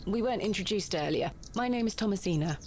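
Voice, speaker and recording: A woman's voice: medium pitch, lively intonation, fast talker, darkish tone, a little hiss or hum, natural voice. An actress playing a formal, determined woman archaeologist in an adventure game. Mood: composed. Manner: formal, composed.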